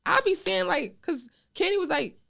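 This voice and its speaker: A woman's voice: very high-pitched, normal speed, vocal fry. A young woman, a podcast guest, chatting casually and telling stories animatedly, acting out what people said. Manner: animated storyteller, acting out quotes.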